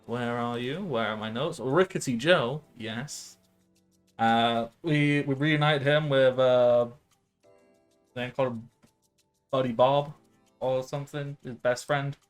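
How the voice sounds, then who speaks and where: A man in his late twenties, medium-pitched and unhurried, narrates a tabletop game as game master, pausing often. He rambles with plenty of filler sounds and laughs a lot, with soft music playing underneath.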